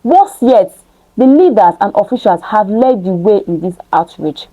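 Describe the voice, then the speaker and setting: A woman's voice: medium pitch, expressive, normal speed, dark tone, rough recording. A woman reading scripture aloud and breaking off into emphatic preaching, with rhetorical questions to her listeners. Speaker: Bible study teacher.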